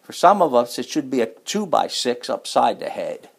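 Gravelly guy preaching in church, folksy jokey stories then big emphatic scripture bits. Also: mid-range voice, big pitch swings, normal speed. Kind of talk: sermon with storytelling.

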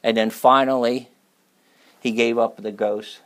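A man preaching a sermon, moving between loud, emphatic scripture reading and hushed, near-whispered lines, with repetitive rhythmic lists. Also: medium pitch, fairly even intonation, unhurried.

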